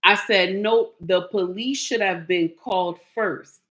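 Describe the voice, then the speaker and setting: Woman talking to camera, animated and emphatic, mid-pitch voice. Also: slow. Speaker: vlogger. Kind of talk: casual commentary vlog.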